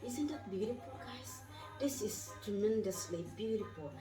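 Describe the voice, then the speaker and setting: An expressive woman with a mid-range voice vlogs at normal speed from a moving car, gushing spiritually and repeatedly asking her audience "isn't that wonderful." The rough recording has an echoey room, a far-off mic, and background music.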